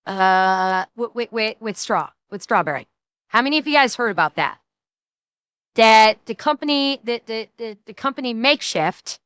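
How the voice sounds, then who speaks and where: Here is a woman streamer talking casually as she reacts to a video. Her voice sits high and rings crisp and smooth. She is blunt and swears freely, and she often stumbles and restarts her sentences. She sounds close and dry, with no room around her. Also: lively intonation, normal speed, fairly bright tone, dry recording. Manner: blunt and profane, frequent restarts.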